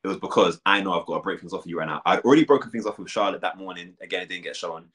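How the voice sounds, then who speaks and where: A man's voice: deep voice, rapid-fire, fairly bright tone. A young British man talking candidly as an interview guest, with many fillers and restarts. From United Kingdom. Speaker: reality show contestant, guest. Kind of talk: casual interview chat.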